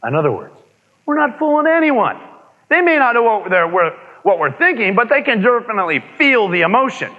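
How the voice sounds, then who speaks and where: A man giving a live motivational seminar, energetic, asking the room questions and repeating key points. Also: very high-pitched, a little fast. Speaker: motivational speaker. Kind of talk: live seminar talk to an audience. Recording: dull lo-fi audio with long reverb.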